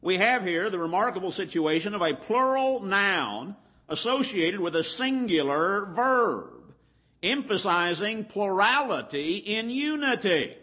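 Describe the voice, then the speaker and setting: Bright-voiced preacher, slow emphatic delivery. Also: male voice, high-pitched, sing-song. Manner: deliberate, stretches key words slowly. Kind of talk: Bible lesson sermon.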